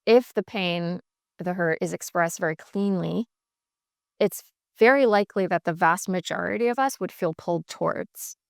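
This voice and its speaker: A woman with a fairly low voice and a gravelly, creaky edge speaks as a couples coach. She lays out her points in a measured, emphatic way, close to the mic in a dry, dead-sounding space. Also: no room sound. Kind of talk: explanatory podcast interview.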